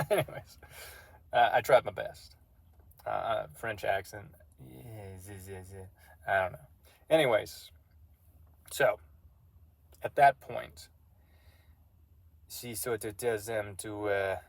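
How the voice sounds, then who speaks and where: A man's voice: on the low side, expressive, slow, vocal fry, pauses often, dry recording. A man casually recapping a tabletop game session as game master, rambling and self-deprecating.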